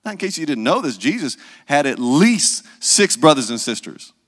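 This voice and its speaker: A man's voice: on the high side, big pitch swings, normal speed, a bit bright, in a large hall. A man, preaching a sermon in a conversational storytelling manner and often asking "right?". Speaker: pastor.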